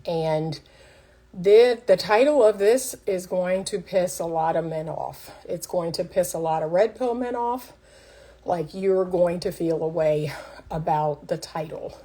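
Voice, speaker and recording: A woman's voice: fairly low pitch, measured pace, mellow. A middle-aged woman coaching on relationships in a casual livestream, speaking directly and like a teacher to her viewers. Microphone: phone livestream.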